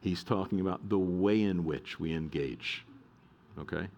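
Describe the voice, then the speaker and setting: A middle-aged man preaching from the pulpit with a lowish voice. He presses his points earnestly and circles back to repeat them for emphasis. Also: unhurried, a little mellow, dull audio. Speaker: pastor. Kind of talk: sermon.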